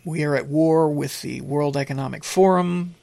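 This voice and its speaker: An older man with a gravelly, slightly raised voice talks through casual commentary, stopping and starting with fillers along the way. He is blunt and opinionated. The sound is dry and close, with no room around it. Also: fairly high pitch, dark tone, no echo. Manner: rambling, halting with many fillers. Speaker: commentary show host.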